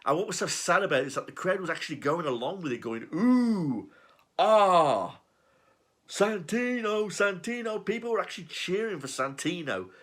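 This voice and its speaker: A man's voice: a little high, lively intonation, fast talker, few pauses, a bit bright, slightly rough. A man giving a sarcastic, profane, exasperated rant reviewing a wrestling show. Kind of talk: ranting review.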